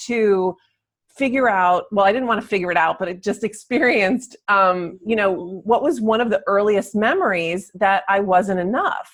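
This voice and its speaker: A woman's voice: medium pitch, normal speed. Chatty woman host, hesitant. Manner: chatty, hesitant, many fillers and restarts. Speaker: interview host. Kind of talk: casual interview chat.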